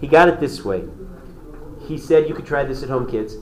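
A man teaching a lively, conversational storytelling class who quizzes his listeners as he goes. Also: mid-range voice, normal speed, echoey room, slight background noise, poor audio. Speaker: Torah teacher.

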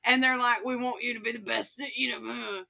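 A woman's voice: fairly high pitch, steady tone, brisk, creaky, bright, forceful tone. A woman guesting on a podcast, chatting casually, laughing easily and swearing freely. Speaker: guest co-host. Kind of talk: casual chat.

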